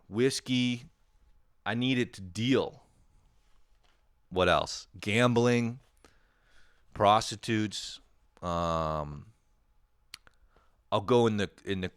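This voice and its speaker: A man hosting a podcast, rambling through a self-mocking comedic monologue, swearing often and breaking into sudden loud animated bursts. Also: lowish voice, clean tone, no room sound, studio quality. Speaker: podcast host.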